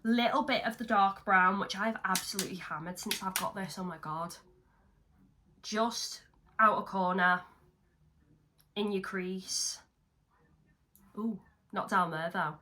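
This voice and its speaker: With slight background noise, a young woman speaks at a medium pitch, a little slowly and with many pauses, her tone bright and forceful. She's a makeup vlogger doing a tutorial from a seat at home, casually chatting, teasing herself and swearing occasionally.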